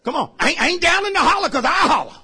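A pastor preaching a sermon in a church, shouting lines for the congregation to repeat and then dropping into quiet asides. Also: male voice, extremely high pitch, sing-song, very fast, a faint crowd. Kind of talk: shouted call-and-response sermon. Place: church sanctuary.

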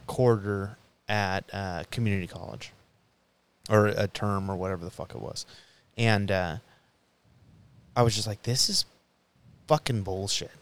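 A man's voice: on the low side, smooth. A young man co-hosting a podcast round table, telling a long story in casual chat, swearing often and restarting his sentences. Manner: profane, rambling storytelling with frequent restarts. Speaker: podcast co-host.

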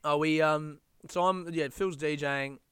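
A young Australian man telling stories in a casual monologue, animated, laughing and swearing as he goes. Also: fairly high pitch, moderate pace, clear, resonant tone, dry recording.

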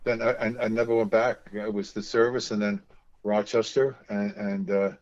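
Older man telling stories, halting. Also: on the low side, little pitch movement, a little mellow, dull audio. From New York. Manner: halting, repeats words, many fillers. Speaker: interview guest. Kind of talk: casual storytelling.

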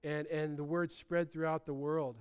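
A man preaching a sermon in a lively, conversational way, often restarting his sentences. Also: a little high, normal speed, clean tone. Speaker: pastor.

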